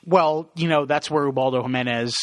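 A man's voice: medium pitch, a little fast, no room sound. A man co-hosting a casual sports podcast, rattling off player stats and chuckling at himself. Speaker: podcast co-host.

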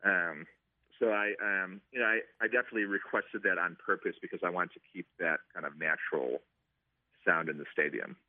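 A stadium organist answers interview questions casually, full of ums and restarts. His voice is low-pitched and fairly quick, with no echo, heard over a tinny phone line.

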